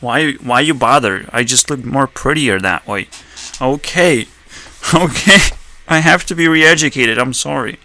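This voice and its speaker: Slow, bright-voiced male commentator. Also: mid-range voice. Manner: rambling, profane, laughs often. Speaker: video commentator. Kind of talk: casual reaction commentary.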